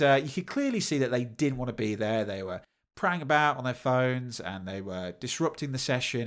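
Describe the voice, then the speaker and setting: A man hosting a podcast, telling a personal story in a casual monologue and acting out the quoted voices. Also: mid-range voice. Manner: animated, acts out quoted voices. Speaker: podcast host.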